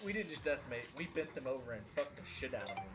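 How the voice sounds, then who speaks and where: A man's voice: mid-range voice, very animated, racing. Man joking crudely at a game table. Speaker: player. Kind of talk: casual game talk.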